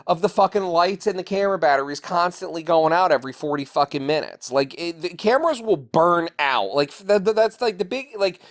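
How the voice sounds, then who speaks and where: A man's voice: high-pitched, expressive. A man co-hosting a podcast, reviewing a horror film in casual chat, swearing often and rambling. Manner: profane, rambling, quick to act out characters. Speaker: podcast co-host.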